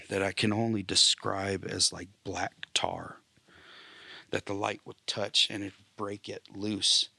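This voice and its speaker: A man, a military veteran, telling an emotional personal testimony, often dropping to a hushed near-whisper and clearing his throat. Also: sits low, no room sound.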